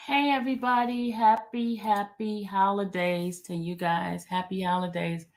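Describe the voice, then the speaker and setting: A woman's voice: medium pitch, steady tone, a little slow. A woman hosting a casual livestream chat, teasing and repeating herself as she reads out viewer comments. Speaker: livestream host.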